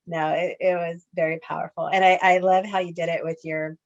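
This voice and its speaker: A woman hosts an online poetry evening in an effusive, emotional way, full of praise for each performer. Her voice is fairly low for a woman. The audio sounds dull and lo-fi. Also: steady tone, moderate pace, vocal fry. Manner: effusive, emotional, laughing often. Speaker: event host. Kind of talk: hosting an online event.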